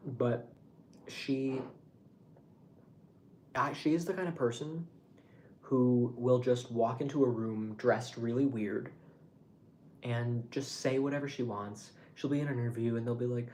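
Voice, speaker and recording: A young man vlogging in a casual monologue, rambling and animated and swearing freely. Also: medium pitch, a little slow, long pauses, a little hiss or hum.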